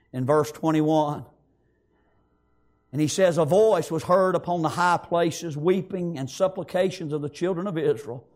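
A man preaching a sermon in a folksy, rhythmic way, dropping to hushed lows and rising to raised calls. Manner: folksy, nonstandard grammar.

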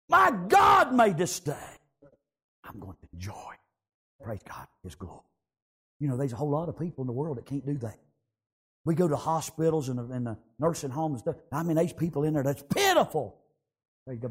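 A man preaching a fervent sermon and telling a story, repeating amen and praise God, dropping to hushed lines and rising to shouts. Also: a little high, husky.

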